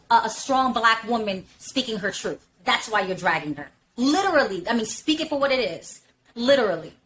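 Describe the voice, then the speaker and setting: On a casual podcast, a woman speaks candidly and emphatically, swearing freely and leaning on fillers like "literally" and "you know what I'm saying." Her voice is mid-range and a bit bright. The recording is rough, with slight background noise.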